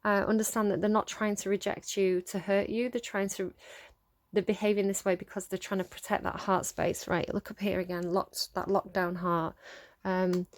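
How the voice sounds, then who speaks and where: A woman's voice: mid-range voice, flat delivery, normal speed, no echo. A woman giving a casual tarot reading straight to her viewers, earnest and coaxing, laughing often between points. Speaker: tarot reader.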